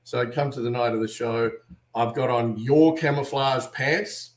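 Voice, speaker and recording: Animated Australian man telling a story. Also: mid-range voice, normal speed, roomy sound. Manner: animated storyteller, acts out voices in quotes. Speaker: guest. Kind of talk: storytelling on a video call. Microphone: video call.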